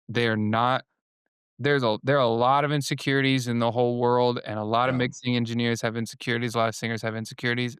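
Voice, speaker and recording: A man's voice: medium pitch, a bit bright, smooth, no echo, studio quality. A man, a guest singer and worship leader, talking in a loose, rambling way full of fillers and quoted asides. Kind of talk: casual podcast conversation.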